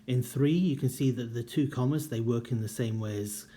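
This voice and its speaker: A man teaching an academic writing class, speaking clearly and deliberately and reading example sentences aloud with marked intonation. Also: mid-range voice, mellow. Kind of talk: recorded lecture.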